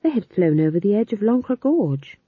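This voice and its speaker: A woman narrating an audiobook in a lively, expressive reading. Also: medium pitch, normal speed, slightly rough, no room sound. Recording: tinny phone-like sound.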